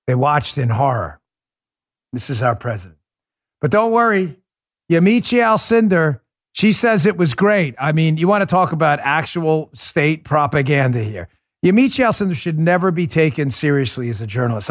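A man hosts a political commentary show, his voice sitting a little high for a man. He talks with biting sarcasm and mocks what he quotes. The sound is dry and close, with no room around it. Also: no room sound. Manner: sarcastic, animated, mocking. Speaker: host.

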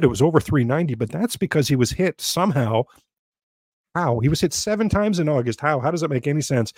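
A man's voice: mid-range voice, no room sound. A man hosting a solo sports talk show, reeling off stats with exasperated outbursts and frequent restarts. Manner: animated, exasperated outbursts and self-interrupting restarts. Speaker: sports podcast host.

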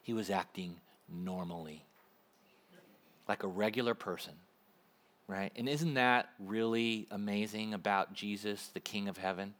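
A man preaching a sermon in a conversational, animated way, acting out little asides to the congregation. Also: on the low side, measured pace. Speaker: pastor.

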